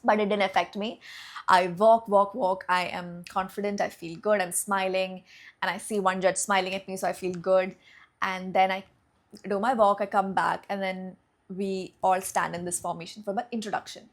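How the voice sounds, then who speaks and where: A woman's voice: mid-range voice, flat delivery, normal speed. A young woman with an Indian English accent, telling a personal story to camera in a casual, chatty way, full of fillers and acted-out thoughts. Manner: chatty, many fillers, acts out her own thoughts. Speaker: vlogger.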